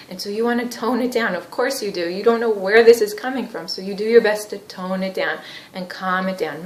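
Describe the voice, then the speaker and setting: A woman therapy trainer teaching through role-play, explaining her steps and gently probing and validating as the therapist. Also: medium pitch, animated, brisk. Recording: echoey room.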